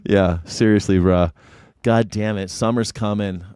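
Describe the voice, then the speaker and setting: A man's voice: lowish voice, fairly even intonation, slow pace, a little mellow, clear, resonant tone, no room sound. A man hosting a live news reaction stream, talking casually, joking and mocking, swearing freely. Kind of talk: casual livestream commentary.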